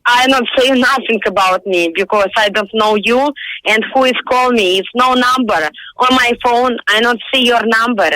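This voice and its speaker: A woman's voice: on the high side, moderate pace, sharp tone, no echo. A young woman in her twenties with a Russian accent and Russian as her first language, speaking blunt, irritated broken English on a phone call. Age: 20s. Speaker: prank call target.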